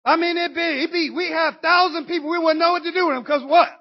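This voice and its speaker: A woman preaching a sermon, impassioned and teasing her congregation, rising to shouts. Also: very high voice, steady tone, fast talker. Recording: dull lo-fi recording.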